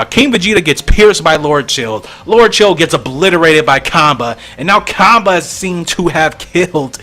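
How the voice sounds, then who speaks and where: A man hosting a channel, excitedly reading and commenting on a fan comic with frequent laughs. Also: a little high, moderate pace, hardly any pauses, faint music behind. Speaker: channel host.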